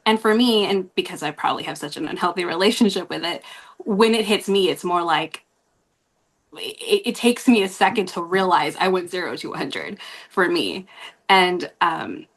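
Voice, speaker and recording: A woman's voice: fairly low pitch, lively intonation, normal speed. Rambling woman telling a story. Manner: rambling, laughs often, many fillers. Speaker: guest host. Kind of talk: casual podcast storytelling.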